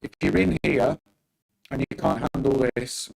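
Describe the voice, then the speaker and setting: A middle-aged man hosts a casual live stream from his home desk, chatting with viewers by name. His voice is thick with gravel and fry, sitting at an ordinary middle pitch. He keeps the talk loose and conversational, with rallying encouragement for his audience. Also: animated, moderate pace, low-quality recording. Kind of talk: casual live market commentary. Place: home desk, working on a laptop.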